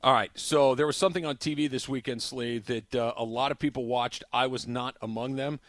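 A man's voice: medium pitch, fairly even intonation, fairly quick, a bit bright, no echo. Wry male sports radio host. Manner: wry, self-mocking banter.

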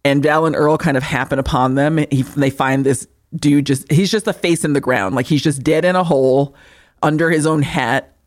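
A woman co-hosting a podcast, recapping a movie in casual chat, swearing freely and animated. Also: low voice, moderate pace. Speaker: podcast co-host.

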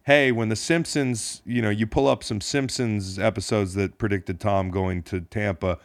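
This man co-hosts a laid-back sports podcast, his fairly low voice holding fairly even intonation at a moderate pace. He's jokey, profane and rambling, restarting often, and the clean studio recording has no room sound.

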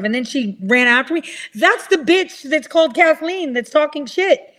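A woman's voice: animated, a little fast, fairly bright tone. Rambling, swearing woman ranting casually. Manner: rambling, swears, acts out quoted people in a higher voice.

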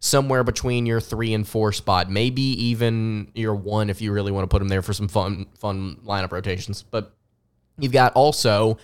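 A young man with a slight Southern US accent hosts a sports podcast, his lowish voice clean in tone, fairly even in intonation, and moderate in pace. His commentary is enthusiastic, and he often restarts, repeating words as he does.

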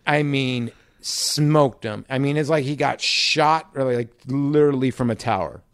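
A man spins a loose, profane anecdote on a podcast, jumping in and out of quoted voices. His voice sits at an ordinary middle pitch and is recorded close and dry, with no room around it. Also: normal speed, clean tone, dry recording. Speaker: podcast co-host, former pro ballplayer. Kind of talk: casual storytelling chat.

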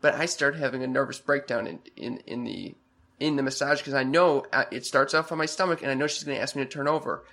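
A young man telling a story on a casual podcast chat, halting and stammering with many restarts. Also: medium pitch, creaky, a bit bright. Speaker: podcast co-host.

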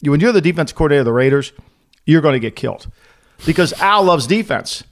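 Man, middle-aged, casual storyteller, slightly high pitch, animated. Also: quick pace. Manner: animated anecdote-teller, acting out quoted voices. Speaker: podcast co-host, former NFL executive.

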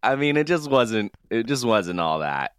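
A man's voice: fairly low pitch, sing-song, moderate pace, smooth, dry recording, studio quality. A man co-hosting a podcast, chatting casually in a laid-back, rambling way and laughing often. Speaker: podcast co-host. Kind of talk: casual chat.

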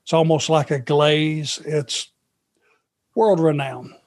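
A middle-aged man from Georgia, a former wrestler telling road stories in a relaxed, anecdotal way. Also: fairly high pitch, slow. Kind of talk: podcast storytelling.

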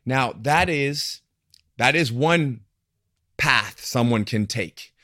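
A man in casual podcast conversation, talking in an animated way and acting out the voices he quotes. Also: medium pitch, takes it slowly, dry recording, studio quality.

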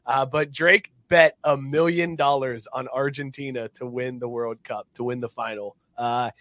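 A man's voice: medium pitch, steady tone, normal speed, fairly bright tone, no echo. A man hosting a casual sports podcast, steering the talk and laughing often. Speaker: podcast host.

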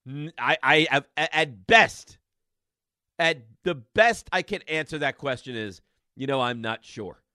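Exasperated sports radio man, bright voice. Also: a little high, lively intonation, unhurried, dry recording, studio quality. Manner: exasperated, rambling, frequent restarts. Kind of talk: sports talk radio monologue.

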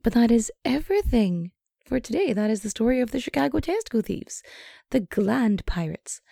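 A woman hosting a comedic podcast, chatting in rambling asides with lots of fillers, her voice getting hoarse. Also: fairly high pitch, very animated, normal speed, mellow, no room sound, studio quality. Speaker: podcast host. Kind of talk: casual comedic storytelling.

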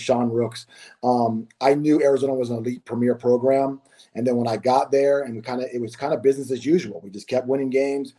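A man with a mellow, warm voice guests on a podcast. He chats casually and often repeats words as he gathers his thoughts. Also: mid-range voice. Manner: relaxed, repeats words while thinking. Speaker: guest, former college basketball player. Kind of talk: casual interview.

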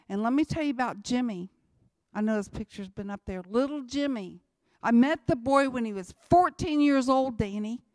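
A woman's voice: on the high side, no room sound. Woman giving emphatic church testimony. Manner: repetitive, emphatic storytelling. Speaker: missionary speaker.

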